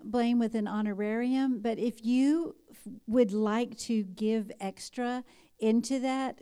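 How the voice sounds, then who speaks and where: A woman's voice: fairly high pitch, mellow, clean tone. A woman pastor talking to her congregation in a loose, conversational way, with many restarts. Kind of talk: sermon and announcements.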